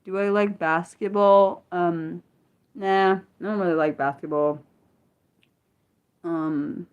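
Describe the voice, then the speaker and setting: A young woman chats casually on her livestream and answers viewers by name. Her voice sits a little low, and she laughs easily and keeps apologizing with a loose, friendly ramble. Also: a little slow. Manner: chatty, apologetic, laughs often; talks straight to chat viewers by name. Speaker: livestream host.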